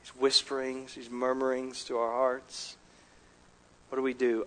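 A man's voice: mid-range voice, completely flat delivery, unhurried. A man preaching a sermon as pastor, earnest and emphatic, often restarting his phrases.

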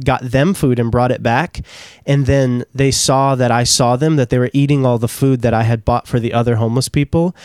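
A man co-hosting a casual faith podcast, talking in a quick, rambling way and telling stories with animation. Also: mid-range voice, a little mellow, no room sound, clean studio sound. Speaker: podcast co-host.

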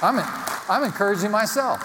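A man's voice: sits high, animated, fairly quick, a crowd in the background, background noise. Emphatic male preacher in a reverberant hall. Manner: emphatic preaching with repeated phrases, ending in a quieter prayer. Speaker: pastor. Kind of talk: sermon. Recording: long reverb of a large hall.

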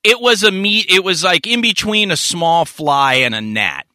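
A man co-hosting a podcast, telling a profane, animated story in casual chat. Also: sits high, normal speed, no room sound. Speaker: podcast co-host.

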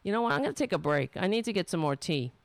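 Animated nasal woman host. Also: fairly low pitch, rapid-fire, dry recording. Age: middle-aged. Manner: animated, sarcastic and profane, talking to herself between thoughts. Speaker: show host. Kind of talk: casual political talk monologue.

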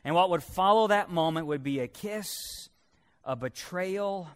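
A man preaching a sermon with passion, swinging between loud declarations and hushed, quiet passages, and calling on the congregation to repeat after him. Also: sits high, measured pace, smooth. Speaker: pastor. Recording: long reverb of a large hall.

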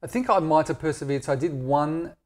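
A man's voice: fairly high pitch, brisk, darkish tone. A middle-aged Australian man chatting candidly as an interview guest, joking and self-deprecating. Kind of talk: casual interview chat.

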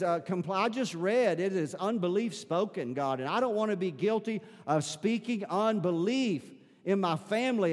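A pastor with a notably high voice delivers a sermon, moving between scripture reading and fervent, rising prayer. His voice rings out with a long reverb from a large church hall. He pushes toward shouted appeals as he preaches. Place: church sanctuary.

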